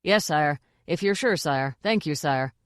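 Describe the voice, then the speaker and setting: A woman's voice: deep voice, expressive, unhurried, no echo, clean studio sound. A woman voicing a blustering, over-zealous male castle sergeant in an audiobook. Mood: eager. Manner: loud, dim-witted, over-zealous.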